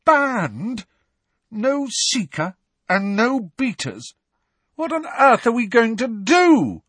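A man's voice: on the high side, big pitch swings, normal speed, fairly bright tone, husky, dry recording, pitched above the performer's own voice, full character voice. A man voicing a dismayed teenage girl team captain, speaking in a hollow, despairing way.

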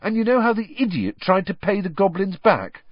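A man's voice: high-pitched, sing-song, moderate pace, dry recording, highs cut off, voice pushed up. A man voicing a wry, gloomy teenage boy with a dry, bitter edge.

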